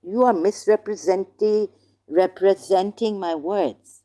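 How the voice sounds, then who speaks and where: A woman's voice: medium pitch, slow, mellow. Insistent woman arguing on a livestream. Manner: insistent, repeats herself, cuts in to object. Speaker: livestream host. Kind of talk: heated live-stream argument with a caller.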